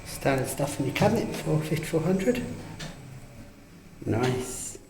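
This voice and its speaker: A woman giving excitable, detailed commentary while exploring buildings and lift shafts for her vlog. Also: sits low, a little slow, noisy background. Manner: excitable, lively, gets carried away with lift details. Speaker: vlogger exploring lifts. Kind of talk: enthusiastic technical commentary.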